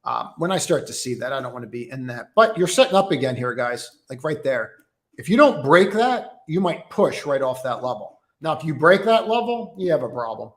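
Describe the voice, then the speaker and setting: A man's voice: mid-range voice, animated, a little fast, hardly any pauses. Chatty male trading streamer, roomy sound. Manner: conversational, chatty with many fillers, addresses viewers by name. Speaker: stock trading live-stream host. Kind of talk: casual live-stream market commentary.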